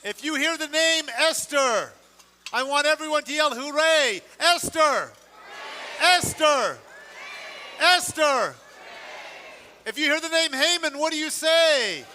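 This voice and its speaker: A man leading a synagogue congregation, energetic and joking as he rallies them to shout along. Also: extremely high pitch, normal speed, big-room sound, a little hiss or hum. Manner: energetic, joking, rallying the crowd. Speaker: service leader. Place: synagogue sanctuary.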